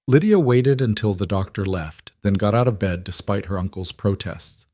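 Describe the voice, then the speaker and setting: A man narrating a story in a steady, measured reading. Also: lowish voice, no echo, clean studio sound.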